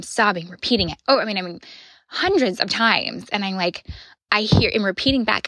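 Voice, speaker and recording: A woman in her thirties hosting a podcast, sharing a personal reflection in an earnest voice that often drops to a soft whisper. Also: medium pitch, moderate pace, no room sound. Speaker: podcast host.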